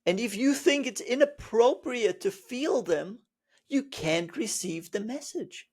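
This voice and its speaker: A man's voice: high-pitched, very animated, moderate pace, a little mellow, slightly rough. A man giving a motivational spiritual talk, emphatic, asking rhetorical questions and acting out the inner voices he describes. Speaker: spiritual speaker.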